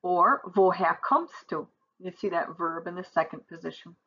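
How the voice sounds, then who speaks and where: Bright-voiced woman teaching grammar. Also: lowish voice, husky, dull audio. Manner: explains slowly, reads German examples aloud and translates them. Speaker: German teacher. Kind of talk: textbook grammar lesson.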